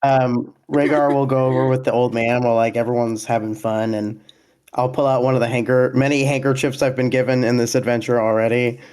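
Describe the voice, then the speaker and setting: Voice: mid-range voice, little pitch movement, fairly quick, a little mellow. A player in a tabletop role-play game, describing their character's actions with brief, laid-back remarks.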